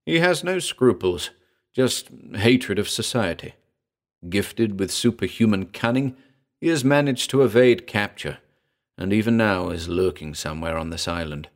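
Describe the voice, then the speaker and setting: A man voicing an eccentric male mad scientist who chatters fussily and breaks into shrill shouts. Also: animated, a little slow. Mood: confiding.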